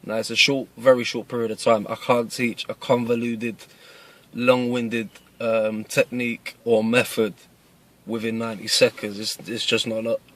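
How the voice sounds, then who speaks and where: A man's voice: mid-range voice, flat delivery, normal speed, fairly bright tone. A man in his thirties from East London with a Cockney accent, talking earnestly to camera from inside a parked car, plain-spoken and often restarting his phrases. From East London, England. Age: 30s. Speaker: self-defence video maker. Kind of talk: casual talk to camera.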